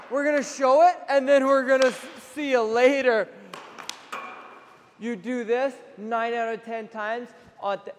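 A young man coaching a goalie on the ice, energetic and playfully teasing between drills, recorded in an indoor rink. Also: very high-pitched. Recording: echoey rink with faint noise.

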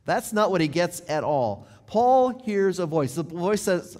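Man in the pulpit, somewhat high voice, conversational storytelling sermon, phrases fading to a hush, church reverb. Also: very animated, measured pace. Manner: drops to a near hush at ends of phrases, then rises. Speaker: pastor. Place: church sanctuary.

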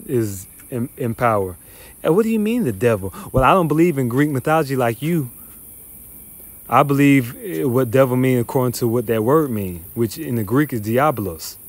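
A man teaching the Bible verse by verse, reading passages then ranting in a profane, scornful, emphatic way. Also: medium pitch. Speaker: scripture teacher.

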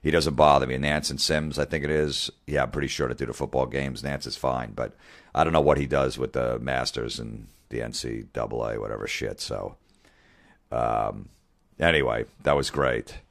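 A man's voice: extremely low pitch, normal speed. A man hosting a podcast in casual, blunt talk, swearing often and getting fired up, with lots of fillers. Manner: blunt and heavily profane, with many fillers; excitable, gets fired up. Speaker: podcast host.

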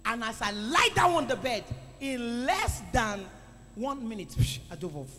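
A man preaching a sermon to a congregation, calling for responses and swinging between loud exclamations and quiet asides. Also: extremely high pitch, lively intonation, a little slow, a little hiss or hum. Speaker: pastor. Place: church hall. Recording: echoey church hall with music.

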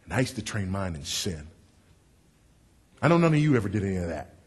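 A middle-aged man preaching a sermon with a big voice, emphatic and wry, dropping low and rising loud for effect. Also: very animated, fairly quick, breathy edge. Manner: confessional and wry, working the crowd.

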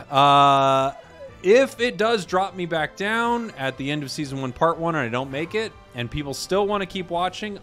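A man hosting a gaming video, chatting casually about his matches and bursting into loud excitement at big plays. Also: medium pitch. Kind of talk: casual gameplay commentary.

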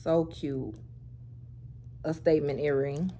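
A woman vlogger chatting to camera at home, animated and talkative, calling her viewers y'all, girl and baby. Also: sits low, slow, a little hiss or hum. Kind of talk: casual get-ready-with-me chat to camera.

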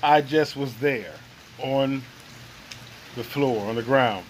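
Speaking slowly at a medium pitch, a man shares something that happened to him, thoughtful and earnest as he gropes for the right phrasing. There's some hiss or hum, and the recording quality is rough.

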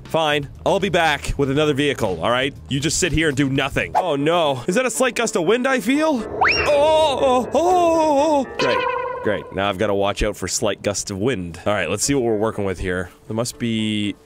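A man hosting a game role-play video, excitable and jokey, yelping and gasping as he plays. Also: medium pitch, brisk, music in the background. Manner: excitable, yelps and gasps, jokey. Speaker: gaming channel host.

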